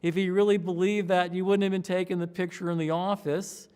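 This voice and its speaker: A middle-aged man in an interview, telling lively anecdotes and slipping into other people's voices as he recalls them. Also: high-pitched, fairly quick, clear, resonant tone, in a large hall. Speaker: pollster interviewee.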